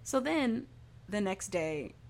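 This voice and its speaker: Young woman, casual chat, chatty storyteller, lots of fillers, mid-pitched voice. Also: sing-song, slow, creaky. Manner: chatty storyteller, filler-heavy, acts out quoted lines. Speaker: podcast co-host recapping a story.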